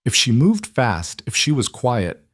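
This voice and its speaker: A man narrating a scripted story in a steady, measured storytelling voice. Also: mid-range voice, dry recording, studio quality.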